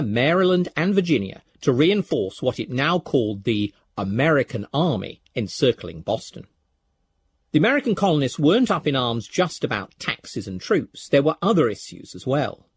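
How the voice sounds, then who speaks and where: Husky documentary narrator, man. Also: on the high side, very animated, no echo. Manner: measured, storytelling.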